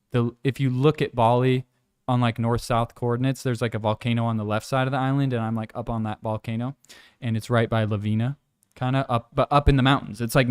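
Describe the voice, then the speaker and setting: A young man chatting casually in a laid-back, rambling vlog, often mimicking animals and people in high squeaky voices. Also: smooth. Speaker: vlogger. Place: outdoors on a hillside village walk.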